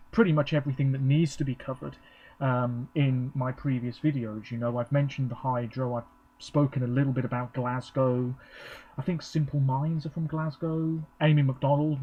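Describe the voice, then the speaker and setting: Man, casual reaction vlog, rambling and chatty, mid-pitched, slightly dull recording. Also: darkish tone. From England. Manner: rambling, chatty, frequent ums. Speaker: vlogger. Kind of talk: casual live reaction commentary.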